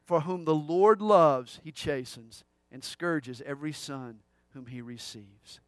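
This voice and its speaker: A middle-aged man preaching a sermon, swinging from loud declarations down to hushed, intimate asides. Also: fairly high pitch, slow pace, dry recording. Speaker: pastor.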